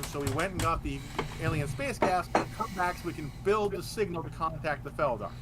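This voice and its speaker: A man's voice: fairly high pitch, expressive, fairly quick, heavy background noise. A man playing in a tabletop game, laying out plans at length with frequent restarts. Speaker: player. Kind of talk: casual chat during a tabletop game.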